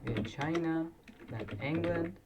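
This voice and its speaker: Man, quiz video commentary, halting self-corrections, distant mic. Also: on the high side, background noise. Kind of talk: casual commentary while playing a flag quiz. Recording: distant mic with loud keyboard typing. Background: keyboard clicks and typing.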